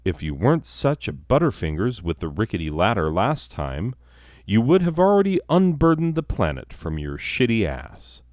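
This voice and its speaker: A man's voice: lowish voice, very animated, normal speed, darkish tone, dry recording, studio quality. A man hosting a comedy podcast, delivering a profane, sardonic satirical monologue and laughing at his own jokes.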